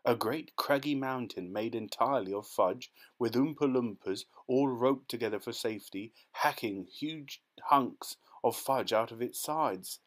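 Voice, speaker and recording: A man narrating a children's storybook in a lively, expressive manner. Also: medium pitch, a little slow, few pauses. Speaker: audiobook narrator.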